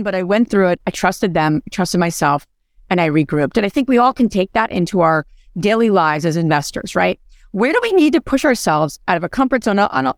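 Woman in her 40s hosting a podcast, middle pitch, storytelling, laughs a lot, dry audio. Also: dry recording. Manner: chatty storytelling, laughs often, asks "right?". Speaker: podcast host. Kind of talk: casual podcast chat.

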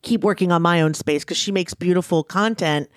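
A woman co-hosting a podcast in casual chat, talking in a chatty, teasing way with quick asides. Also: lowish voice, no room sound, studio quality. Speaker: podcast co-host.

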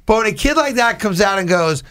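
High-pitched new guy hosting sports radio, argues and cuts in a lot. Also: expressive, a bit bright, clear, resonant tone. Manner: argumentative, quick to cut in. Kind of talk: sports talk radio banter.

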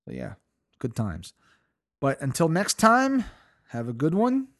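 Solo podcast host, man with a slightly high voice, profane and self-mocking storyteller who breaks into laughter. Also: wildly swooping pitch, measured pace.

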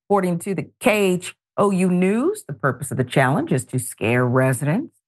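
A middle-aged woman hosting a news talk show, reading stories and adding pointed, animated commentary. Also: lowish voice, moderate pace. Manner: animated, editorializing with pointed asides.

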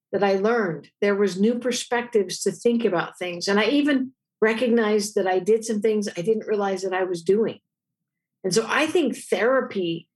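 A middle-aged woman, a therapist, answering interview questions and telling stories with lively acted-out dialogue. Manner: expressive storyteller, acts out dialogue with big pitch jumps.

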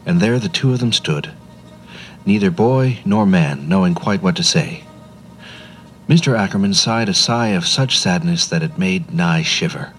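A male storyteller narrating in a measured, expressive way. His voice sits fairly low, but his intonation rises and falls with the story. Faint music plays behind him. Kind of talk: scripted narration.

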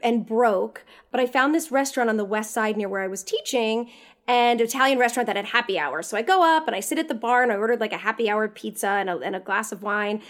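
Woman, guest actress, fairly high voice, expressive casual storytelling. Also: quick pace. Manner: expressive storyteller acting out her own quotes. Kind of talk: casual chat.

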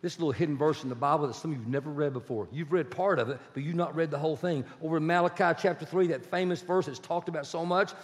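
A male pastor delivers a lively, conversational sermon in a fairly high voice. His words carry a long reverb from the church hall around him. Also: quick pace, few pauses. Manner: animated, conversational preaching with acted-out dialogues.

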